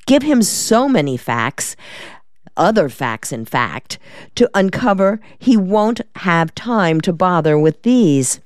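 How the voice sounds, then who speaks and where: A woman's voice: lowish voice, big pitch swings, slow pace, no room sound. A woman reading the part of a shrewd, wisecracking male defense lawyer in an audiobook, in a dry, decisive manner.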